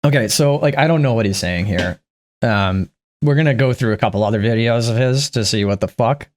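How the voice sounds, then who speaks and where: Guy doing a reaction vid, sarcastic, cusses a ton, normal pitch. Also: fairly quick. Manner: sarcastic, swears a lot. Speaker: reaction video host. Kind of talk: casual commentary.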